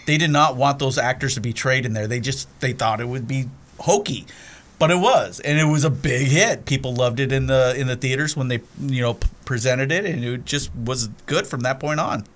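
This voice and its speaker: A man's voice: medium pitch, brisk. A man co-hosting a podcast, chatting casually and acting out movie scenes with put-on voices. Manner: animated storyteller, acts out movie scenes. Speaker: podcast co-host. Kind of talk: casual chat.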